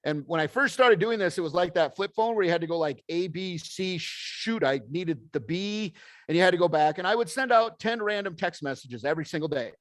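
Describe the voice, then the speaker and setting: A middle-aged man speaks to an audience in a plainspoken, folksy way, acting out each bit of dialogue as he tells it. His voice sits a little high for a man. The sound is close and dry, with almost no room around it. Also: animated, fast talker, few pauses, fairly bright tone, dry recording. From American Midwest. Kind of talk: motivational talk to an audience.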